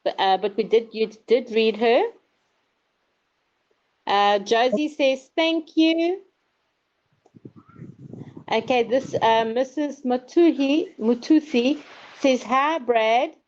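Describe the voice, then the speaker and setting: A woman's voice: a little high, slow pace, long pauses, a little mellow, slight background noise. A woman reading viewers' questions aloud on a live stream, hesitant and stumbling over names. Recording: dull lo-fi stream audio.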